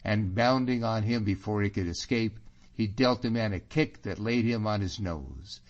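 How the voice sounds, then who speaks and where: A man reading an audiobook novel as narrator, in a measured, even storytelling manner, on a dull lo-fi recording. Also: on the low side.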